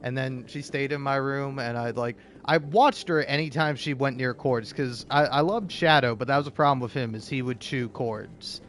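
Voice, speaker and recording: A man's voice: mid-range voice, normal speed, few pauses, fairly bright tone, slight background noise. A young man in casual, rambling chat, stammering, repeating words and swearing offhandedly. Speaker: vlogger.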